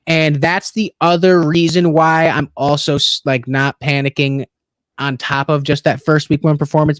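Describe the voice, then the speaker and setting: A young man co-hosting a casual football livestream, loose and profane, joking and jumping around in pitch. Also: no room sound, clean studio sound. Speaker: co-host of a fantasy football stream.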